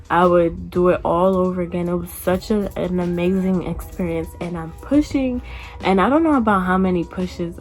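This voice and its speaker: In a casual storytime vlog, a woman in her twenties chats along in a slightly mellow voice. When she quotes other people, she acts them out in a higher voice.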